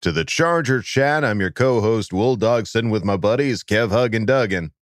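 A man co-hosting a fan podcast in casual chat, chatty and excitable, laughing often. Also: fairly low pitch, normal speed, no echo, studio quality. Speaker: podcast co-host.

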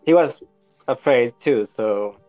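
A man telling a story in a halting, hesitant way with many pauses. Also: medium pitch, no room sound, soft background music. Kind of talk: casual storytelling. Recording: tinny phone-like line.

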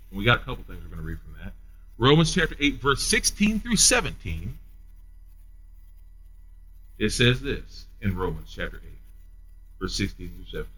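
A man preaching a sermon, repeating his phrases and swinging between emphatic peaks and quiet low asides. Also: slightly rough, low-quality recording. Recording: loud mains hum under the voice.

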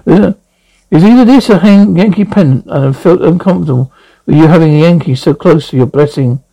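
A man's voice: on the high side, brisk, gravelly, mellow, low-quality recording. A man hosting a comedy podcast, recapping scenes in a scattered, jokey way and reading out stage cues. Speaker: podcast host. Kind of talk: comic recap acting out scenes.

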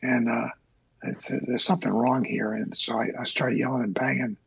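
An older man, a former Navy officer, recounting his past in a halting interview with many fillers. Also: medium pitch, little pitch movement, vocal fry, slightly rough, no echo, highs cut off. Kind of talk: oral history interview.

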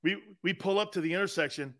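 A man hosting a sports talk radio show, telling rambling, animated stories with sudden loud bursts. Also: sits high, quick pace, dry recording, clean studio sound.

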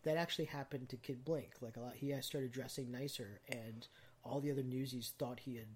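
A man in casual conversation, rattling off movie trivia between filler words. His voice has a husky, slightly breathy texture, sitting at an ordinary middle pitch. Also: steady tone, a little fast, a little mellow. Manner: chatty, trivia-filled, many ums. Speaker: podcast host.

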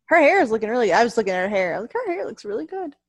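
Woman, casual chat, husky, lively pitch, fairly high, dry close sound. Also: racing, dry recording.

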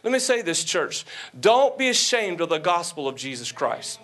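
A man's voice: fairly high pitch, big pitch swings, normal speed, fairly bright tone. A Southern American man preaching a sermon as a guest pastor to a congregation, folksy, with joking asides and emphatic preaching. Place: church sanctuary before a congregation.

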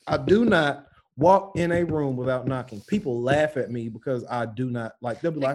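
In a relaxed podcast conversation, this man recounts crude childhood tales, swearing freely and performing each quoted person's voice with animation. His pitch is medium and he talks at a normal speed.

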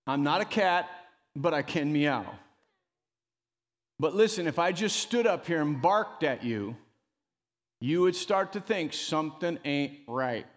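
A man preaching a sermon as pastor, emphatic and animated, often rising loud and dropping to a near hush. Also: a little slow, long pauses, in a large hall. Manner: emphatic preacher who rises and drops in pitch and loudness, calling "come on".

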